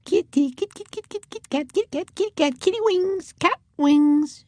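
A woman voicing an eager, gentle young girl who speaks softly in a high, breathy voice. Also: a little slow, dry recording, studio quality. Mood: coaxing.

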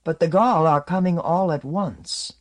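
Narrator playing a soft-spoken alien envoy: quiet, grave, unhurried. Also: male voice, fairly high pitch, voice pushed up, natural voice.

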